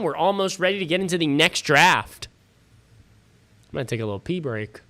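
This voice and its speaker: A tired man hosts a casual livestream from his home studio, talking straight to his chat and swearing now and then. His voice sits a bit high, with a bright, forceful edge and a smooth, crisp tone. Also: expressive, a little fast. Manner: loose and chatty, talks to chat directly, swears casually. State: tired, yawning. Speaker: fantasy football livestream host.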